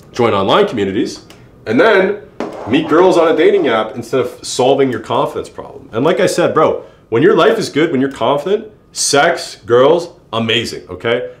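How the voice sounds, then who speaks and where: A young man talks straight to the camera in a brash, swearing advice monologue. He calls the listener bro, and his pitch jumps up when he gets fired up. His mid-pitched voice bounces around a roomy, echoey space. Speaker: YouTuber giving self-improvement advice.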